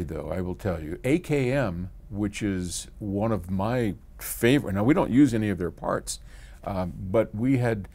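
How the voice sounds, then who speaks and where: An older man with a fairly low voice talks casually through a viewer's question. He reads the letter aloud and then answers it in a relaxed way, with soft laughs. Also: vocal fry.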